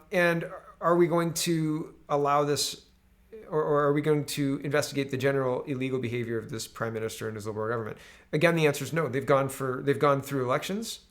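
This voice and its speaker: A man hosting a casual political commentary show, talking sarcastically and mockingly with lots of animated asides. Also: medium pitch.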